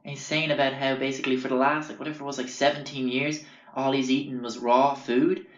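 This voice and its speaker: A podcast host with a mid-range, level-toned voice talks fast, rambling through sweary anecdotes and doing impressions of the people he quotes. It's casual storytelling, recorded with a roomy, dull lo-fi sound.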